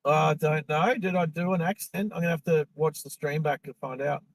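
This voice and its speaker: A man's voice: a little high, steady tone, brisk, no echo, rough recording. A man hosting a live stream from his car, chatting to viewers in a rambling way as he drives. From Australia. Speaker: live-stream driving host. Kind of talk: casual live-stream chat while driving. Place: inside a car on the road.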